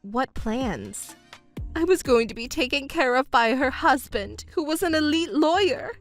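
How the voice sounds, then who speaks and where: A woman's voice: sits high, lively intonation, measured pace, faint music behind. A woman voicing a scheming, self-pitying middle-aged stepmother in a texting story, wailing and stammering indignantly. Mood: panicked.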